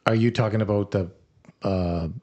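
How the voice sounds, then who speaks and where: A man co-hosting a podcast who chimes in with questions and quick apologies in casual talk. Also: on the low side, fairly even intonation, a little mellow, dull audio. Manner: chatty, breaks in with questions and apologies. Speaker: podcast co-host. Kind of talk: casual conversation.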